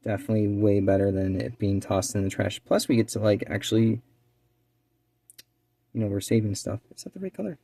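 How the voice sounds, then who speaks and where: A channel co-host and eBay reseller talks in a relaxed, rambling way with many fillers as he handles a small craft task, quieting to a near-whisper while focused. His low, creaky voice moves at a moderate pace with frequent pauses, in a dry recording.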